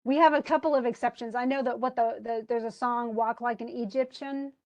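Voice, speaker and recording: Chatty woman teacher, fairly high voice. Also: steady tone, brisk, a little mellow. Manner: chatty, explains with spoken examples, laughs easily. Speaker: English instructor. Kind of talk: casual one-on-one tutoring.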